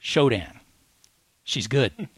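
A man's voice: mid-range voice, expressive, very slow, husky, no room sound. A man co-hosting a podcast, chatting eagerly and rambling with lots of fillers and restarts. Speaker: podcast co-host. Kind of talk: casual chat.

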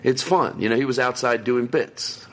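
A man's voice: medium pitch, moderate pace. A man co-hosting a casual chat, rambling through stories with restarts and laughs, recorded on a small voice recorder on a table. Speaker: podcast co-host. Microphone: handheld voice recorder on a table.

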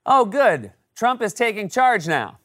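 A man's voice: sits high, big pitch swings, measured pace, fairly bright tone. A man hosting a late-night comedy show, delivering a sarcastic, jokey monologue.

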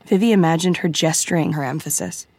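Low, dry-voiced woman for audiobook narration; measured and quietly suspenseful. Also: creaky, breathy edge, dry recording.

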